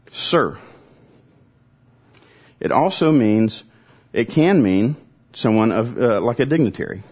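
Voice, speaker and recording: A man preaching a conversational sermon, teaching with dramatic pauses and reading scripture aloud. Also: mid-range voice, darkish tone. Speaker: pastor.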